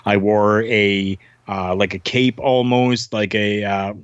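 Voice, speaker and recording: A man's voice: fairly low pitch, flat delivery, takes it slowly, smooth, no echo. A man from Canada, a former wrestler, telling a story as a guest in a casual chat, full of fillers and restarts. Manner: rambling, many fillers and restarts. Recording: dull lo-fi sound.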